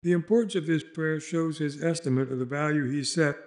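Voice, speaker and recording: Male preacher, higher-pitched voice, earnest exhortation, read-aloud sermon. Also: steady tone, a little fast.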